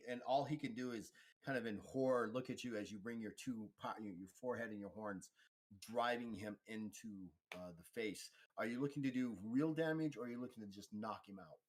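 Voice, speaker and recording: Man running a tabletop game, halting. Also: medium pitch. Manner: halting, loose narration with many fillers. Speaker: game master.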